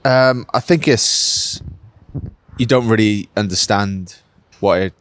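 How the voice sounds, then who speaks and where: Slow-paced and lowish, his voice is a bit bright, with slight background noise behind it. The speaker, a professional cyclist from Wales in his late thirties, rambles through a casual post-race interview with lots of "like" and "mate."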